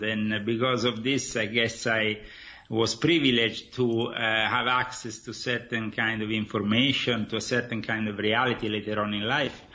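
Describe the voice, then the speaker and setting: A man from Italy with an Italian accent, a guest author speaking haltingly in a radio interview with many pauses. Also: mid-range voice, sharp tone, dull audio.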